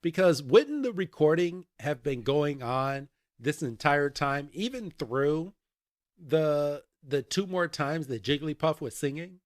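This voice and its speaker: A man with a somewhat high voice recaps a cartoon episode on a podcast, animated and laughing often. His voice sits close and dry, with no room sound around it. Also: takes it slowly, no room sound. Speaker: podcast host.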